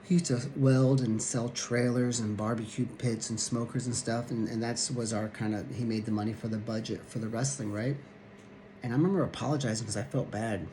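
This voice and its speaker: A man's voice: mid-range voice, steady tone, brisk, dark tone, slight background noise. A man in his fifties from Missouri, a wrestling coach telling stories in a blunt, plain-spoken way. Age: 50s. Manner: blunt, plain-spoken, acts out quoted voices. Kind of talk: storytelling talk to camera.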